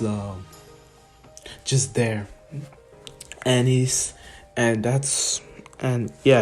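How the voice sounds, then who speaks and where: A man's voice: medium pitch, darkish tone. A man casually retelling an improvised fan story, rambling with many restarts and chuckles.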